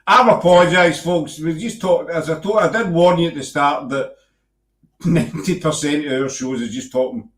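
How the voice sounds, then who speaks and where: A man's voice: fairly high pitch, normal speed, echoey room. A Scottish man hosting a casual show, teasing his guest and joking as he rambles. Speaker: host. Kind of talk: casual banter on a web show.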